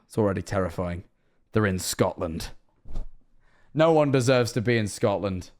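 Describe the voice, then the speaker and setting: A man's voice: on the low side, animated, measured pace, darkish tone. A young man from England with an English accent, chatting casually on a livestream, rambling, joking and swearing. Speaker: streamer. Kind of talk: casual livestream reaction chat.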